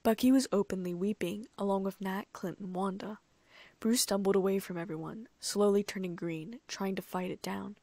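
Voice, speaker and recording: A woman narrating a fan fiction audiobook in a steady, even reading voice. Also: mid-range voice, normal speed, no room sound. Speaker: audiobook reader.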